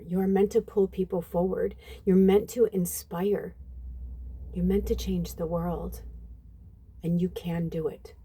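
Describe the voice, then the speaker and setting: A woman's voice: on the low side, warm tone, slightly rough. A woman in her fifties, a psychic medium giving a chatty channeled reading to her viewers, casual and swearing freely. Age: 50s. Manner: chatty and swearing, addresses viewers as "you guys". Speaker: psychic medium and tarot reader.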